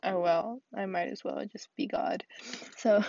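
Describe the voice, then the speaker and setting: A teenage girl venting alone on her podcast, rambling and acting out her chats, dropping now and then into soft whispers. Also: medium pitch, unhurried, vocal fry, no room sound, muffled recording. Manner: rambling, quotes conversations with "I was like". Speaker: podcast host. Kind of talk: solo venting monologue. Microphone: earphones with mic.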